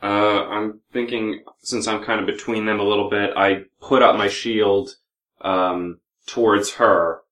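A man's voice: lowish voice, steady tone, unhurried, a bit bright. A man playing a tabletop game, talking casually and swearing at bad luck. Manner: casual, swears when things go wrong. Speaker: player.

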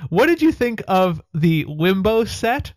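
A man's voice: sits high, sing-song, unhurried, no echo. A man hosting a podcast, recapping a TV episode with a wry, chatty delivery. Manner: wry, chatty narration with laughs. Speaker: podcast host.

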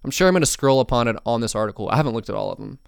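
A man's voice: mid-range voice, lively intonation, rapid-fire, gravelly, clear, resonant tone, no room sound, studio quality. A young man hosting a podcast alone, rambling casually with lots of swearing, fillers and tangents. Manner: rambling, profane, many fillers and asides. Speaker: podcast host.

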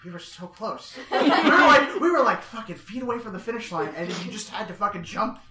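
Excitable laughing man, off-mic echo. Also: high voice, fairly quick, recorded from a distance, crowd noise. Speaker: podcast co-host. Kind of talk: casual chat.

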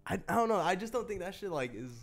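A man's voice: very animated, fast talker. Groggy young man, rambling with fillers. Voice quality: deep. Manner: rambling, hesitant, many fillers. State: just woke up, groggy. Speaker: podcast co-host. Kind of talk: casual chat.

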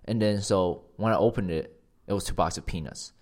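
A young man in casual chat, animated and playful, laughing often. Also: low-pitched, fairly quick. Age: young adult.

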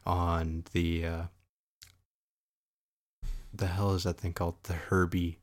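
Young man, very low voice, easygoing and rambling in casual talk. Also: flat delivery, takes it slowly. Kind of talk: casual chat.

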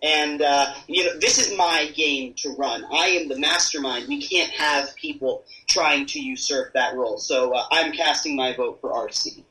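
A man's voice: on the high side, normal speed, few pauses, bright, forceful tone, far from the mic, rough recording. A man doing a smug self-declared mastermind. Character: man impersonating a scheming reality-show contestant. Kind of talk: podcast impression game.

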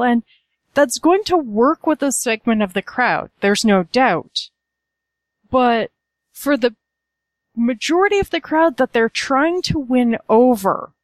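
A woman's voice: fairly high pitch, no room sound. Woman co-host, easygoing wry chat, dry close sound. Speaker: podcast co-host. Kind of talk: casual chat.

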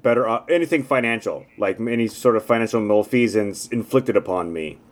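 A man's voice: fairly low pitch, brisk. A man co-hosting a podcast in casual chat, answering with short, dry, wry remarks. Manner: dry, wry, brief responder. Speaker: podcast co-host.

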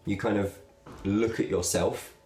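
Low-voiced young man, rambling. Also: a little slow. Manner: relaxed, rambling, with fillers and laughs. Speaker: video blogger. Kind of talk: casual talk to camera. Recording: echoey room.

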